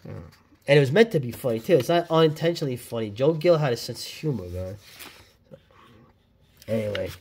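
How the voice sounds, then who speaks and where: Husky and gravelly, a man's medium-pitched voice moves fairly quickly but pauses often as he hosts a casual vlog. He reviews an old comic book with excited slang and lots of laughs.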